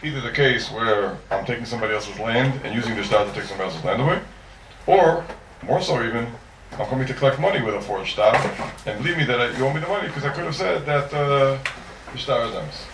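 A man teaching a Talmud class, working through cases with lively rhetorical questions. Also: mid-range voice, fast. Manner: lively, rhetorical questions, mixes Hebrew and Aramaic terms. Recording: roomy echo, mic far off, faint noise.

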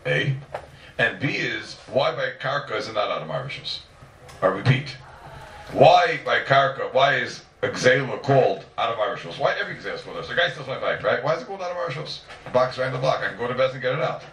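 A man's voice: mid-range voice, sing-song, fast talker, a bit bright, a little hiss or hum. A man teaching a Talmud class, restating his points and posing rhetorical questions he then answers. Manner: repeats and restates points emphatically. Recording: echoey room, mic at a distance.

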